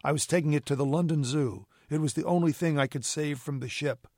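A man voicing a scheming, desperate military villain in an audiobook, loud and pleading. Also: fairly high pitch, brisk, no echo, clean studio sound. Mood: blustering, pleading. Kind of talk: audiobook character reading.

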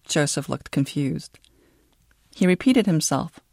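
A woman reading a novel aloud as an audiobook narrator, in a steady, measured storytelling manner. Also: low-pitched, dry recording, studio quality.

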